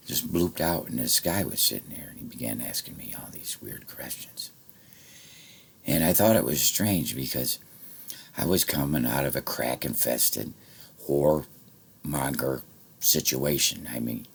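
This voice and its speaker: A man talking straight to his viewers in a rambling, profane monologue that swings from low muttering to shouting. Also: creaky, a little hiss or hum. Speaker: vlogger.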